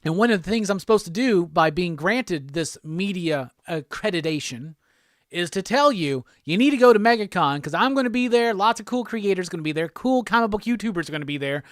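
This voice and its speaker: A laid-back man hosts a casual live stream and reads out viewer comments between easy laughs. His voice sits fairly high for a man. The sound is close and dry, with no room around it. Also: lively intonation, no room sound. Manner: laid-back, chatty, quick laughs, reads chat aloud. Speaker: host of a live pop culture show.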